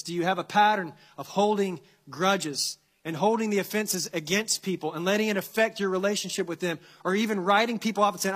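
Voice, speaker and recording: A man's voice: high voice, a bit bright. A male pastor preaching a sermon that ends in prayer, earnest and building to impassioned emphasis with repeated phrases.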